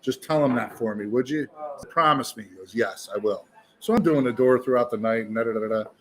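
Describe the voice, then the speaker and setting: Over crowd noise, a male musician guest launches into a lengthy, animated tale at an indoor bar, swearing freely and impersonating its characters. His pitch is mid-range and he talks quickly.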